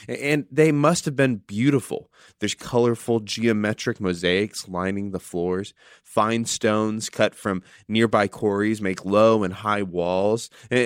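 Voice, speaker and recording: A middle-aged man from the United States preaching a sermon in a plain, even-pitched voice. He tells stories earnestly and leans into dramatic readings. The sound is close and dry, with no room echo. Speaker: pastor.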